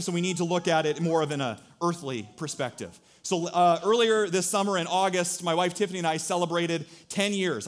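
A man's voice: on the high side, a bit bright. A young man preaching a sermon, joking and acting out little scenes as he tells a story. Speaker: pastor.

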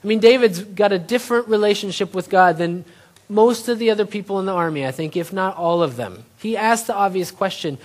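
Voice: mid-range voice, fairly quick. A preacher giving a sermon, retelling a scripture story in plain everyday terms and asking the audience rhetorical questions.

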